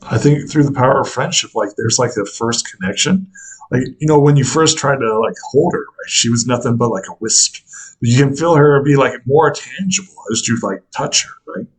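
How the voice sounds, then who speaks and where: Man, game master, husky, laid-back, conversational. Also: medium pitch, moderate pace, poor audio. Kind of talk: running a tabletop game.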